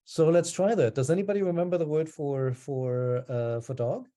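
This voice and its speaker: A man teaching an online language class, explaining in a relaxed way with frequent ums and pauses. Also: on the high side.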